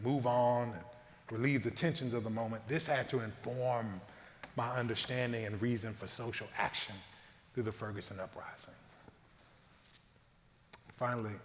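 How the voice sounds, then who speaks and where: A man from the Southern US, a clergyman, reading a prepared talk in a measured, earnest way with emphatic phrasing. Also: medium pitch, a bit bright. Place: church. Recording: long reverb of a church hall.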